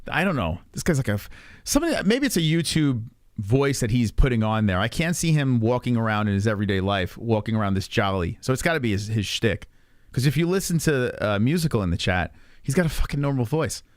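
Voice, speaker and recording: A man's voice: mid-range voice, sing-song, fast talker, no room sound, clean studio sound. A man streaming and reacting to videos in casual chat, blunt and swearing often as he talks to his viewers.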